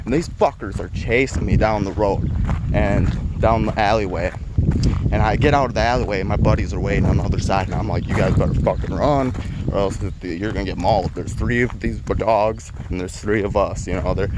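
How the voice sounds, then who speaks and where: Guy with a lowish voice rambling thru a story, cussing nonstop, lots of noise in the background. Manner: profane, rambling and laid-back. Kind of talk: casual storytelling. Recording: noisy recording.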